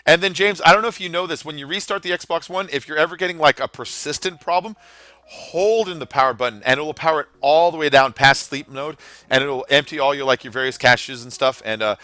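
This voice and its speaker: Speaking a little fast in a fairly high, pushed, bright voice with no echo, a man streams a racing game. His casual commentary is rambling and chatty, packed with fillers and aimed directly at his chat viewers.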